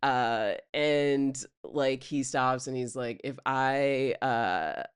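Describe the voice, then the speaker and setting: A woman in her thirties, a comedian telling a story in casual chat, animated and laughing. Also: rumbling low, extremely slow, smooth, no room sound, studio quality. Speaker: comedian guest.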